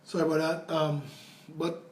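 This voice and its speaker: This Trinidadian-accented political candidate has a voice on the high side and a flat delivery at normal speed. He answers viewers' comments during a casual livestream, talking earnestly and rambling conversationally. There is faint noise and a roomy sound to the audio.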